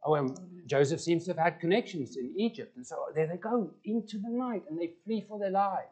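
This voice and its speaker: A man's voice: high voice, a little fast, a little mellow, breathy edge. A man preaching a conversational sermon and putting questions to the congregation. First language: Afrikaans. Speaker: pastor.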